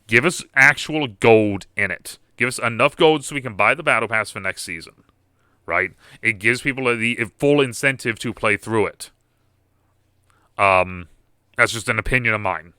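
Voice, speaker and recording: A man's voice: medium pitch, pushed and bright, dry recording, studio quality. A young man in casual reaction commentary as a gaming video host, rambling with fillers and restarts. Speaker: gaming YouTuber reacting to a game panel.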